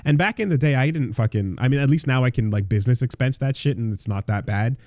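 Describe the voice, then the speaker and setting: A man's voice: medium pitch, fast talker, darkish tone, no echo, clean studio sound. A man co-hosting a casual podcast, rambling and swearing, with lots of fillers and restarts. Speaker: podcast co-host.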